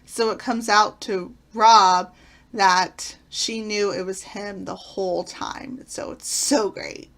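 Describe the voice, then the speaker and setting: A woman's voice: medium pitch, fairly even intonation, slow pace, fairly bright tone. A woman casually reviewing favorite sitcom episodes, retelling plots with enthusiasm and frequent fillers. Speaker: channel host.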